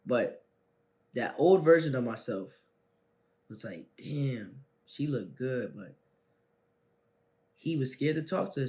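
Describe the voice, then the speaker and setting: A young man hosting a self-help video, telling a personal story in slangy, animated casual talk that swings between loud bursts and quiet asides. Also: medium pitch.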